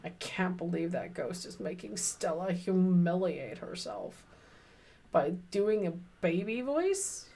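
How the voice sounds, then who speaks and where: Unhurried woman chatting through a game. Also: fairly low pitch, animated, creaky, dark tone. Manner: chatty, reacting aloud and musing on the story. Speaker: streamer playing a horror visual novel. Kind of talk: casual let's-play chat.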